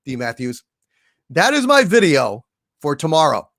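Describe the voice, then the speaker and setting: Middle-aged male streamer, sarcastic and furious, lively swooping delivery, a bit high-pitched. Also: a little slow, no room sound, clean studio sound. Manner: angry, sarcastic, swears often. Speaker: livestream host reading super chats. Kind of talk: ranting livestream chat.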